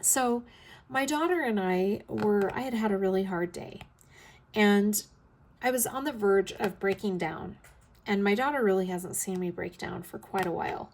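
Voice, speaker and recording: A woman's voice: medium pitch, moderate pace. Tired, chatty woman in her fifties. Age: 50s. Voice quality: scratchy throat. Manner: rambling, chatty, with frequent ums and yawns. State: tired, yawning. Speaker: vlog host. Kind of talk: casual chat while crafting.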